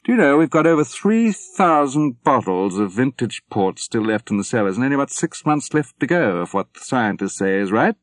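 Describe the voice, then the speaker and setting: A man doing a booming old general. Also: sing-song, moderate pace, few pauses, dry recording, studio quality, lightly acted. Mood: jovial. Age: older. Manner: booming, cheerful, emphatic. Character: elderly retired general, hearty and jovial.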